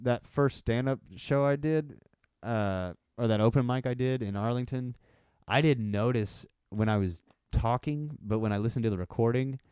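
A man's voice: mid-range voice, moderate pace, a little mellow, clean tone, no room sound, clean studio sound. A young man from Texas with a Texan accent, co-hosting a casual podcast chat, laid-back and often laughing. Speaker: podcast co-host.

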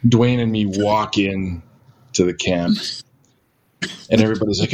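A man's voice: lowish voice, measured pace, long pauses, a little mellow. An older retired man telling a story in a casual, rambling way, full of fillers and self-mocking asides. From Canada. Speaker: guest storyteller.

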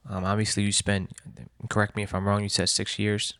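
A man interviewing a guest, asking gentle, hesitant questions with fillers. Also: fairly low pitch, completely flat delivery, a little fast, no room sound, studio quality.

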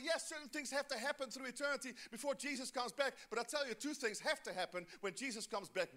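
A man with a high, bright voice preaches a sermon in church. He urges the congregation to answer back and say the verses with him. He moves from loud, drawn-out emphasis to quick, quieter asides. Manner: exhorting the congregation, calls for responses. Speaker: pastor.

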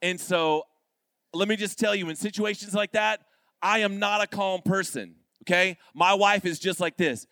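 A young man preaching as a guest pastor, his voice sitting a little high for a man. He tells his story with lively comic timing and slips into quick voices for the people in it. The sound is close and dry, with no room echo. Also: clear, resonant tone. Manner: animated, acts out quoted people with shifting voices.

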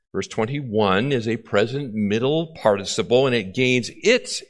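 A male pastor preaching an expository sermon, often repeating key phrases and checking in with the congregation. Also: fairly low pitch.

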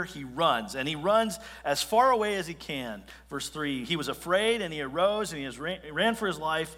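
A man preaching as pastor, telling the story with lively acted-out quotes. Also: a little high, normal speed. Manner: animated storyteller acting out quotes. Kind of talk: sermon. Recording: long hall reverb.

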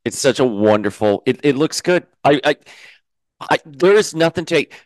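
A man hosting an excited fan reaction show, gushing and stammering through restarts. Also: a little high, normal speed, dry recording. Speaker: YouTube show host.

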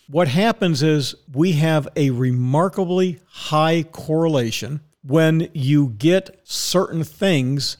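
A man's voice: on the high side, darkish tone. An older man hosting his own podcast from a recording studio, talking in a heated, profane, ranting way. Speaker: podcast host. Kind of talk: solo podcast monologue.

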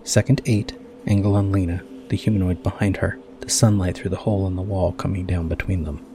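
A man giving a measured, deliberate shot-by-shot scene description as a podcast host in scripted narration. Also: deep voice, flat delivery. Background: music underneath.

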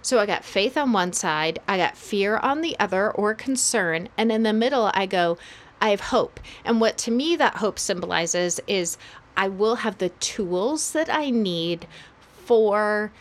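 Young woman cohost, casual podcast talk, thinks out loud, lots of ums and likes. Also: medium pitch, lively intonation, unhurried. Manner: thoughtful, searching for words, many fillers. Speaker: podcast co-host. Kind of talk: casual chat.

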